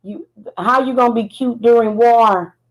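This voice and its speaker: A woman vlogging in casual chat, animated and sassy, often laughing. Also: a little high, normal speed, muffled recording. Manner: animated, laughing, singing snatches of a chorus; sassy, defiant. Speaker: spiritual vlogger.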